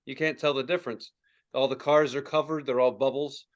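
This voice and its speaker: A young adult man, a podcast co-host, telling a story in casual chat, swearing freely and acting out quotes in high yelps. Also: fairly quick, highs cut off. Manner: profane, animated, acts out quotes in high yelps.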